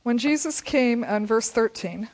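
A woman's voice: fairly high pitch, animated, a little slow. A woman leading a Bible study, reading scripture aloud and chatting about it, laughing often.

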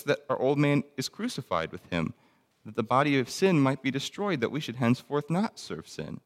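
A man's voice: lowish voice, long reverb tail. A man teaching a Bible lesson in a conversational way, reading verses aloud between plain explanations with frequent ums and restarts.

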